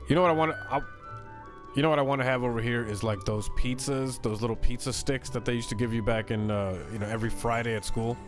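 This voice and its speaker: A man streaming a video game, chatting excitedly and casually while reading chat messages aloud. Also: mid-range voice, fast. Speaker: gaming streamer. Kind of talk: casual let's-play commentary. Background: game music.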